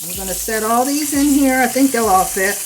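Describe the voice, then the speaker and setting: A woman hosting a home cooking demonstration, chatty and unhurried, speaking to viewers as "you guys", a little hoarse from a lingering cough. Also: on the high side, background noise. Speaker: cooking channel host.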